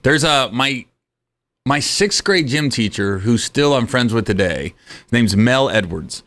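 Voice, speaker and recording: A man's voice: mid-range voice, lively intonation, unhurried, fairly bright tone. A man, a comedian guest, telling comic stories in conversation and laughing through them.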